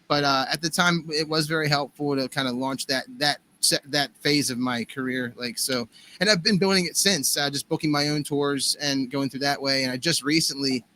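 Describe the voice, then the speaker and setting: Bright-voiced American man, rambling. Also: on the high side, normal speed. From United States. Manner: rambling, full of fillers and restarts. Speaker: guest musician. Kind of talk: casual podcast conversation.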